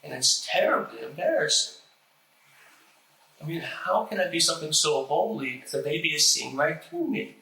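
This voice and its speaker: A man's voice: fairly high pitch, expressive, normal speed, gravelly, pushed and bright, reverberant, poor audio. Man with a stutter reciting a lecture. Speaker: host reciting a famous lecture.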